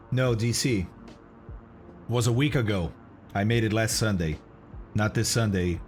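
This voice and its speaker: A man live-streaming a flight simulator, chatting casually with viewers and explaining instrument approaches while eating, often clearing his throat. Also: lowish voice, slow, long pauses, faint music behind. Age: adult, has kids.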